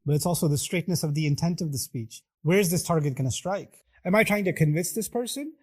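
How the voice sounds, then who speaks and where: A man's voice: fairly high pitch, quick pace. Middle-aged man preaching a sermon. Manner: acts out quoted voices, rhetorical questions to the audience.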